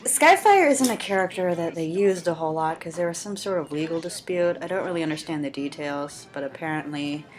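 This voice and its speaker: A woman's voice: fairly low pitch, expressive, fairly quick, few pauses. A woman doing a casual, chatty fan commentary over a cartoon episode, sarcastic and laughing, with the odd swear word.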